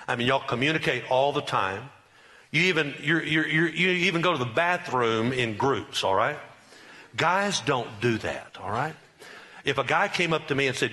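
Middle-aged male pastor, bright voice, folksy emphatic sermon with crowd calls. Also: mid-range voice, animated, normal speed, slight background noise. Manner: folksy, joking, emphatic preaching with audience call-and-response.

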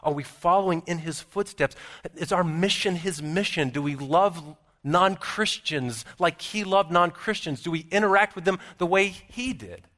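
A man preaching a sermon as a pastor, telling a story in an earnest way, moving from loud, lively passages to hushed, quiet ones. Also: high-pitched, normal speed, in a large hall. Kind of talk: chapel sermon.

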